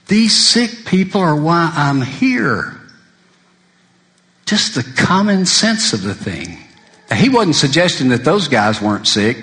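A male preacher delivering a sermon, shifting between loud emphasis and quiet intensity and quoting scripture in old-fashioned wording. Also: mid-range voice.

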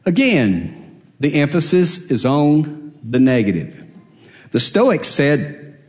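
A man's voice: fairly high pitch, very animated, takes it slowly, darkish tone. A man preaching a sermon, emphatic, repeating his phrases and asking rhetorical questions.

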